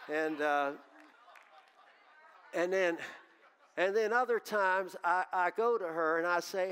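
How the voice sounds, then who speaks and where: A man preaching a sermon in a church, telling homey stories and repeating words as he warms up. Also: sits high, slow, pauses often, smooth, big-room sound. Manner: folksy storytelling preacher, repeats words when stirred. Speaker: pastor. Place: church sanctuary.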